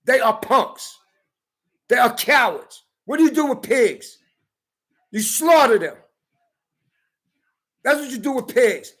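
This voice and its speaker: Angry vlogger, male, very high sharp voice, profane ranting with frequent shouting. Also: animated, takes it slowly, long pauses. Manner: heated, profane, often shouting. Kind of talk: angry rant to camera. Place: California.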